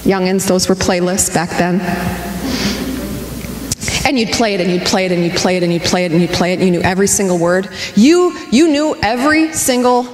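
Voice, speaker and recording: A woman's voice: mid-range voice, brisk, faint music behind. A woman in her forties giving a candid, humorous sermon as a spiritual director, telling personal stories. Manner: lively, candid, humorous storytelling. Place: spiritual community sanctuary. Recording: echoey hall with long reverb.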